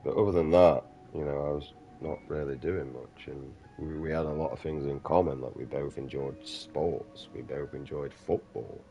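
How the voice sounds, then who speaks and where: Very deep-voiced man ranting. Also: steady tone, moderate pace, few pauses, mellow, dull audio, faint music behind. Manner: profane, rambling, mocking. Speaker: gaming vlogger. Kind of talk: casual rant over gameplay.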